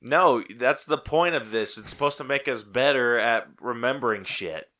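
A man's voice: medium pitch, normal speed, sharp tone. A man co-hosting a podcast, chatting casually about movies, laughing often and swearing lightly. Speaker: podcast co-host. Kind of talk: casual chat.

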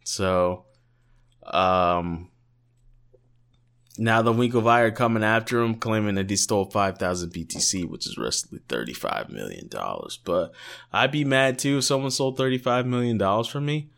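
A man's voice: fairly low pitch, expressive, normal speed, gravelly, a bit bright. A man co-hosting a podcast, rambling and joking in a casual chat with lots of fillers, sounding tired. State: tired, yawning. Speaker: podcast co-host.

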